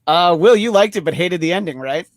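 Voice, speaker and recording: A man hosting a podcast in casual chat, rambling and joking with many filler pauses. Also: high voice, animated, no echo, clean studio sound. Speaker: podcast host.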